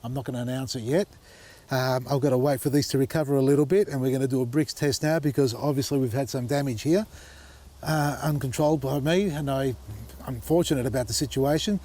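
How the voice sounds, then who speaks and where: A man's voice: medium pitch, brisk, mellow. A man hosting a casual vlog outdoors in his vegetable garden, chatty and exasperated, talking to viewers as folks. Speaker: gardening channel host.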